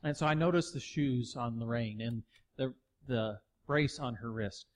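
A middle-aged pastor preaching a sermon, telling a story and acting out the dialogue before building to emphatic preaching. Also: male voice, mid-range voice, a little slow.

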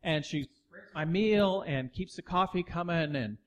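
A middle-aged pastor preaching a sermon, telling a story and acting out the dialogue before building to emphatic preaching. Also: male voice, a little high, a little slow, muffled recording.

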